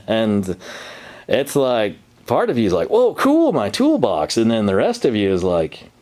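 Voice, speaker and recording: Deep-voiced man telling a story. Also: very animated, a little slow, a little mellow. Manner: rambling, laughs often, acts out quoted voices. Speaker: channel host. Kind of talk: casual storytelling vlog.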